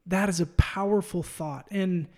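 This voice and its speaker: Gravelly, earnest male faith-podcast host. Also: sits high, a little mellow. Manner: earnest, heartfelt, halting with restarts. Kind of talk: faith-based interview conversation.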